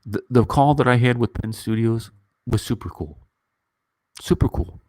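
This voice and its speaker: A man's voice: medium pitch, moderate pace, a little mellow, no room sound. A man in his fifties chatting casually about movies on a livestream, rambling with lots of fillers and restarts, his nose stuffy from crying. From United States. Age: 50s. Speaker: YouTube movie reviewer.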